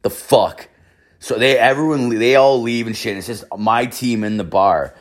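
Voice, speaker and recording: A man's voice: mid-range voice, normal speed. A man casually telling a rambling, profane story as a vlogger, piling up "I was like" asides.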